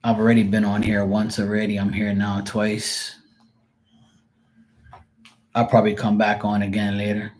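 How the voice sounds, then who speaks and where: His delivery is completely flat, with a lowish, darkish voice, normal speed and frequent pauses. The middle-aged man hosts a live stream, casually rambling through stories and performing the voices of the people in them.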